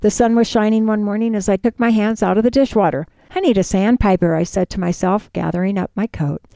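A woman reads a first-person story aloud with expressive, measured delivery. Her voice sits at a middle pitch and is recorded close and dry, with no room echo. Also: creaky.

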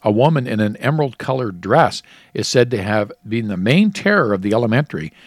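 A man's voice: lowish voice, lively intonation, fairly quick, no room sound, studio quality. A man co-hosting a casual radio-style chat, reading out spooky stories and trivia facts and laughing often. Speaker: co-host.

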